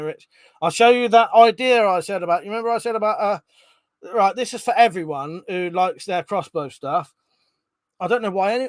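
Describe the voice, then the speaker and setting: A chatty man on a live stream, reading out comments from viewers and laughing along. His voice sits a little high for a man. The sound is dry and close, with no room echo. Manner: chatty, laughs often, swears casually.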